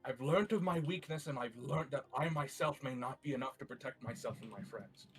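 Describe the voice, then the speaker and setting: A man voicing an excitable young male summoner in a tabletop game, speaking a theatrical incantation. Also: medium pitch, fairly quick, soft background music, close to an everyday voice, rough recording. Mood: solemn. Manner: theatrical incantation, builds to shouting.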